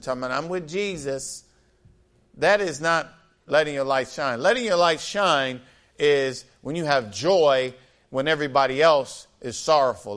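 Man preaching with lively call-and-response. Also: fairly high pitch. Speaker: pastor. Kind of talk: sermon.

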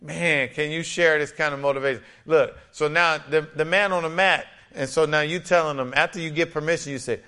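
A male pastor preaching a lively, conversational sermon, often acting out little scenes and quotes. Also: a little high, a little fast, few pauses, clean tone.

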